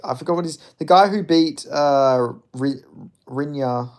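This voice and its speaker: A man's voice: fairly high pitch, unhurried. Male streamer, loose rambling talk, answering chat with joking apologies. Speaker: livestream host. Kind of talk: casual livestream chat about fighting.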